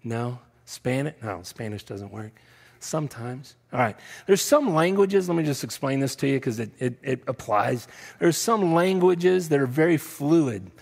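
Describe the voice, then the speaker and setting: A man's voice: mid-range voice, lively intonation, unhurried, gravelly, darkish tone, slightly rough. A man with a Texan accent preaching a sermon as pastor, in a conversational style that often adds "right?", with playful asides. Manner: self-described nerdy, playful asides. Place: church sanctuary. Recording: church hall reverb.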